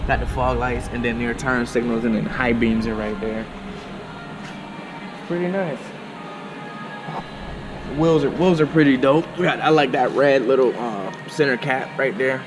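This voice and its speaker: A man doing a casual car walkaround for his vlog, excitable and slangy, talking straight to viewers. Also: mid-range voice, a little slow, pauses often, over music. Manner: loose, slangy, excitable, talks to viewers as y'all. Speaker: car vlogger. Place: indoor car dealership showroom. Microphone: handheld camera with small on-camera mic.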